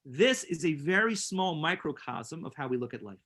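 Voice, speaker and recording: A man's voice: fairly high pitch, very animated, normal speed, few pauses, a bit bright. A man teaching a class as a rabbi, earnest and emphatic, telling personal stories and repeating words for stress. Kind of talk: inspirational class with storytelling.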